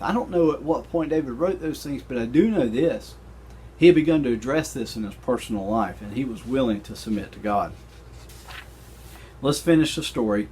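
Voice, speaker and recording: A man teaching a recorded Bible study lesson, retelling scripture in an animated, conversational way with casual slang. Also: mid-range voice, moderate pace, slight background noise.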